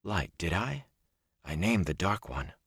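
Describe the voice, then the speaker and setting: A man reading an audiobook, voicing a frightened young man who speaks in a strained, halting way. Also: low-pitched, very animated, fairly bright tone, breathy edge, no room sound, clean studio sound, full character voice. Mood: anxious. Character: frightened young village man, anxious and pleading.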